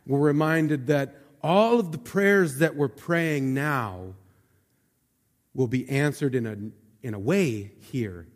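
A man preaching a sermon as pastor, speaking earnestly and conversationally, often dropping to a soft, low voice. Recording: long reverb of a large room.

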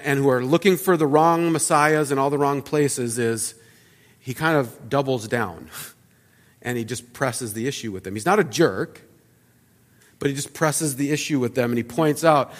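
A man preaching a sermon as a pastor, earnest, often repeating words and dropping to a quiet low voice for emphasis. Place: church sanctuary. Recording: church hall reverb.

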